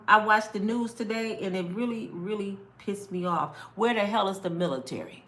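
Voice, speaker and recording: A woman's voice: mid-range voice, normal speed, pushed and bright. A woman, ranting angrily to camera, swearing and repeating herself. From Michigan, US. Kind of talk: angry personal rant.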